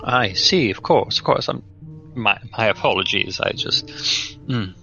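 Male player as a formal, awkward gentleman investigator; gravelly, dull dry sound. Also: lowish voice, a little slow, soft background music, heavily acted. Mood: apologetic. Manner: formal, old-fashioned politeness. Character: proper, courteous investigator, awkward comforter.

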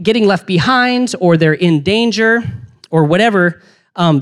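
Young guy youth pastor, kinda high voice, super casual and rambly, lots of "dude" and "like". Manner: energetic, rambling, slangy with many restarts.

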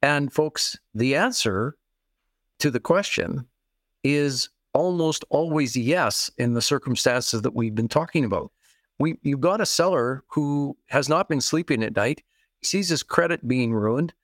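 A man in an interview walks through a real estate scenario at a mid pitch, repeating his key points. The sound is dry and close. He acts out the voices of the people in his examples. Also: expressive, a little slow, no room sound. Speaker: real estate investing guest expert. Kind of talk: interview, explaining with worked examples.

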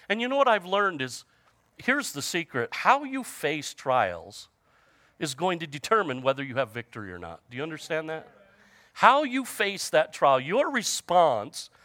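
A man preaching to a congregation in a conversational way, joking with the listeners and calling out for their response. His voice sits high and swings widely in pitch. It is bright and close, with a dry sound. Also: no room sound. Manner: conversational preaching with humor and audience call-outs. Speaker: pastor. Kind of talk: sermon.

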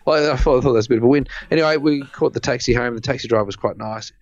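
A man's voice: medium pitch, very fast, no room sound. Man telling stories, dry muffled sound. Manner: animated, rambling, exasperated humor. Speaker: podcast co-host. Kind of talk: casual storytelling chat. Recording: dry, slightly muffled recording.

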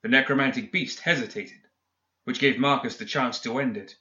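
A man reading a fantasy story aloud in steady, even scripted narration. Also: medium pitch, moderate pace, reverberant, highs cut off. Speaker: audiobook narrator.

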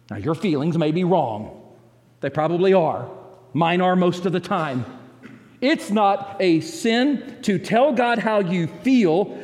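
A man preaching a sermon as a pastor, with dramatic pauses and emphatic quoted lines. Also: fairly high pitch, darkish tone, long reverb tail.

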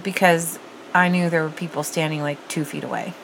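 A woman with a notably low voice chats candidly and casually. She laughs easily and often trails off or restarts her sentences. A faint hiss of noise sits under the recording. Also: fairly even intonation, a little fast, creaky, a bit bright, rough recording.

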